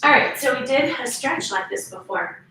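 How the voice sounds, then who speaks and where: Woman fitness instructor, slightly high voice, coaching reps, recorded from a distance in an echoey room. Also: expressive, normal speed, bright, forceful tone. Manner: coaching, counts reps, urges squeezing. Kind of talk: workout instruction.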